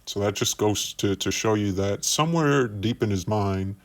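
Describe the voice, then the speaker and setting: A man giving investigative commentary, explaining screenshots step by step and often repeating words as he builds a point. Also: on the low side. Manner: measured, explains by walking through screenshots. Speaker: commentary youtuber.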